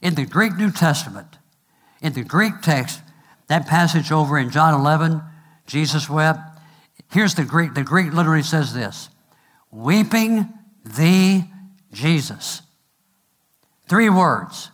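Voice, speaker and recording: A middle-aged male pastor preaching a sermon, asking "amen?" and slowing down to stress each point. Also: a little high, animated, a bit bright. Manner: preaching with call-and-response and numbered points; slows to stress phrases, quick asides.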